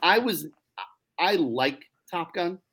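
Emphatic, animated male podcast host. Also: on the high side, slow, slightly rough. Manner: emphatic, insistent opinions. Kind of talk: casual chat.

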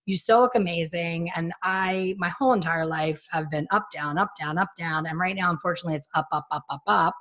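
Lively storytelling woman in her fifties. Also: lowish voice, fairly quick, hardly any pauses. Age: 50s. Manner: animated storyteller who acts out quotes. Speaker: hairstylist and podcast host. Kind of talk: casual storytelling chat.

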